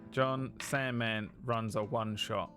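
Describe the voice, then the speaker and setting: A man's voice: on the low side, fairly even intonation, slow pace, fairly bright tone, soft background music. A man running a tabletop game, signing off a livestream in loose, joking chat. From outside America. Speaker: game master.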